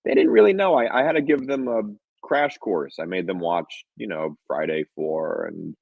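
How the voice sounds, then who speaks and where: A man, a film director, talking casually in an interview, telling stories with lively quoted voices and frequent laughs. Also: sits low, moderate pace, creaky, slightly rough, no echo. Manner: animated storyteller, acts out quotes, laughs often. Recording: dull, dry lo-fi sound.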